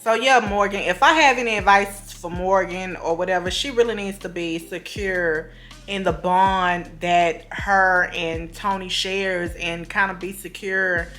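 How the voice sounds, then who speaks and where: A woman's voice: on the low side, fairly even intonation, measured pace, fairly bright tone, soft background music. A woman recapping a reality show in a casual, gossipy way, full of fillers and asides.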